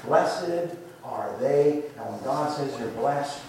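An older man preaching a sermon, slow and emphatic, repeating phrases for emphasis, with the congregation answering now and then. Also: fairly high pitch, lively intonation, a little mellow. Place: church sanctuary. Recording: echoey room, distant mic, faint noise.

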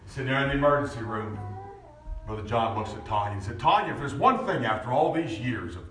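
Brief: man in his forties preaching, heard from off-mic in a very echoey church with a faint hum behind him, swings into loud shouted peaks. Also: mid-range voice, lively intonation, a little fast, far from the mic. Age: 40s. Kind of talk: sermon. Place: church sanctuary.

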